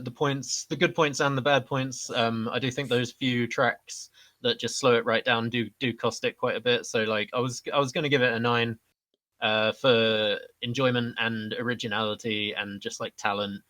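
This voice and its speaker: Man, bright forceful tone, dry close recording, easygoing podcast talk. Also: medium pitch, little pitch movement, moderate pace, no echo. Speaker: band member. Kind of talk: casual chat.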